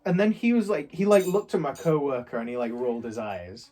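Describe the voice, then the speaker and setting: A man's voice: mid-range voice, brisk, mellow. A young man from England chatting casually, retelling a shop argument in a rambling way. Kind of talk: casual chat, storytelling.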